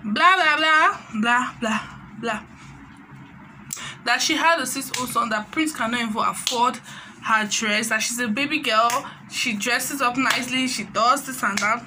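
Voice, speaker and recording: A woman with a Nigerian accent chatting through a casual gossip recap of a reality show, animated and sprinkling in Pidgin phrases. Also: fairly high pitch, normal speed, noisy background.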